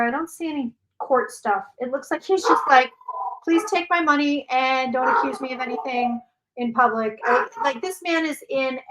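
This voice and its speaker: A woman's voice: high voice, fairly bright tone, low-quality recording. A woman hosting a casual psychic livestream from home, chatting loosely, repeating herself and answering viewer questions. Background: dog barking.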